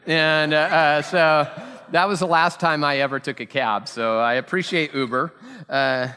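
Preaching from a church sanctuary, a man with a highish, bright, forceful voice tells stories in a chatty, self-deprecating style laced with fillers. The recording carries the long reverb of a church hall.

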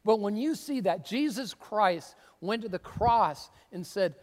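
A man preaching a sermon as a pastor, conversational and emphatic, with sudden bursts of excitement. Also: high voice, measured pace. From Seattle area. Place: church sanctuary. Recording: long reverb of a church hall.

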